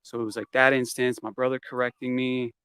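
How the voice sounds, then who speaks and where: A man's voice: mid-range voice, flat delivery, brisk, a bit bright, smooth, no room sound. A man telling a story from his past in a casual interview. He swears freely and acts out the quoted lines as he goes. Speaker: interview guest.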